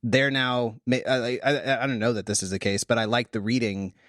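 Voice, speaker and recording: A man hosting a casual discussion podcast. He talks in an animated way, restarting sentences as he thinks aloud. The voice sits at a middle pitch on a dry, close recording. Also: brisk, dry recording. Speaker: podcast host.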